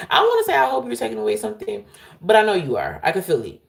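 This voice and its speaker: A woman giving a live tarot reading to her viewers, excitable and laughing loudly as she calls out to them. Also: medium pitch, a little fast, creaky, slight background noise. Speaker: tarot reader.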